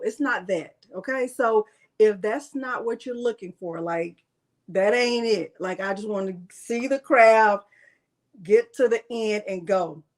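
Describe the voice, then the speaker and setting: A middle-aged woman hosting a crafting livestream, chatting casually and playfully as she calls out viewers by name. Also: fairly high pitch. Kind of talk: casual live-stream chat.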